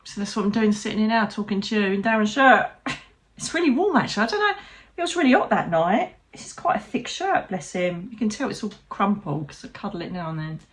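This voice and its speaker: A woman's voice: medium pitch, sing-song, fairly quick. A British woman, a psychic medium, talking candidly and from the heart to her viewers, with frank swearing and light humour. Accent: British English. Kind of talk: personal vlog talking to camera.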